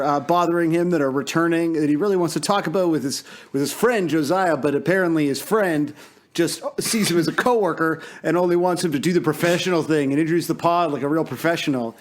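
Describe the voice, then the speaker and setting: A man co-hosting a podcast in casual chat, with wry, deadpan teasing. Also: a little high, fast. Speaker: podcast co-host.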